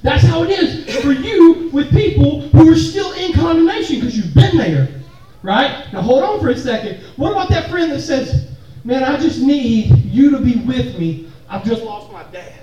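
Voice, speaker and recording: A man's voice: very high-pitched, animated, normal speed, mellow, dull audio, slight background noise. A man preaching a sermon to a room full of people, casual and joking, with call-and-response to the crowd. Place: church hall or meeting room with an audience. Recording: very echoey room, mic far off.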